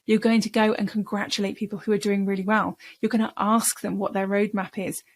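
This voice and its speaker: Woman, speaking coach, conversational lesson, repeats words for emphasis, mid-pitched voice. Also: flat delivery, brisk. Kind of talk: talking-head coaching lesson.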